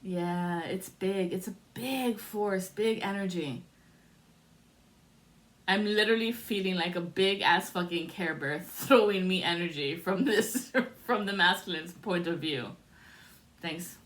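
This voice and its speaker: A woman's voice: on the low side, a little slow, fairly bright tone. A woman giving a spiritual tarot reading to camera, talking in a rambling, musing way and often breaking into laughter. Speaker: tarot reader.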